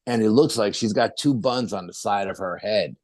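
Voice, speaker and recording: Man, middle-aged, low voice, rambling animated storytelling, dry close sound. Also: moderate pace, no room sound. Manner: rambling, animated, many fillers and restarts. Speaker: paranormal investigator guest. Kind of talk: casual storytelling.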